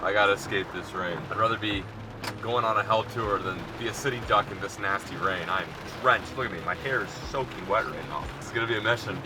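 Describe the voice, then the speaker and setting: A young man vlogging while fishing from a boat on a small lake, excitable and self-mocking, swearing often. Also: lowish voice, fairly quick. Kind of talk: casual vlog talk to camera. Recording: outdoor wind and engine noise.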